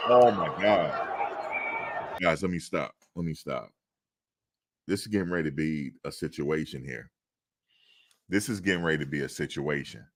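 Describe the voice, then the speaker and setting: A man hosting a casual commentary on practice footage, excitable and laughing, repeating his phrases. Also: a bass voice, normal speed, long pauses. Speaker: host reacting to practice footage.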